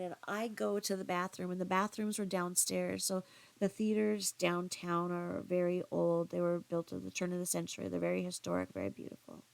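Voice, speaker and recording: A woman vlogger talks straight to her viewers in a loose, rambling storytelling monologue. Her voice is low and gravelly, with plenty of vocal fry. She circles back, restarts sentences and drops in side comments as she goes. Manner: rambling, chatty, with frequent restarts and asides.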